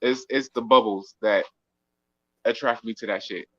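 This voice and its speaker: Relaxed male guest on a stream, muffled dry call line. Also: on the low side, moderate pace, dry recording. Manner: laid-back, laughs often. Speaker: livestream guest.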